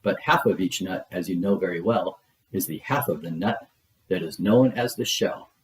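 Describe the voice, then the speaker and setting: Guy reading a kids book doing a snappy bossy little bug, kinda low voice. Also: normal speed, roomy sound, recorded from a distance, lightly acted, rough recording. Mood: gloating. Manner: snappy and commanding. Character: bossy tricky male bug, small and gleeful. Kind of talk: storybook read-aloud.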